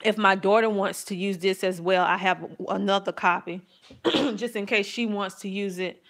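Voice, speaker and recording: A middle-aged woman, a homeschooling mom, chatting casually and enthusiastically about her family's math books, rambling a little and laughing softly. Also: mid-range voice, fairly even intonation, normal speed. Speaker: homeschooling mom reviewing curriculum. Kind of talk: casual chat to camera.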